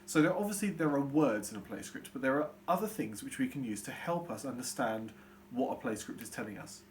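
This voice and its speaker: A young British man teaching young children over a recorded lesson. His pitch moves a lot, rising and falling as he stresses key words, and he explains everything slowly and patiently. A faint hiss sits under his voice. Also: lively intonation. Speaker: primary school teacher.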